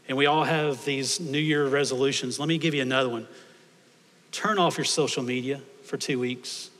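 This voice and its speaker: A male pastor delivers a sermon, pressing his points by repeating phrases. His voice sits a little high for a man. It rings out with long reverb through a church hall. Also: a bit bright. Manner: emphatic, repeats phrases for stress.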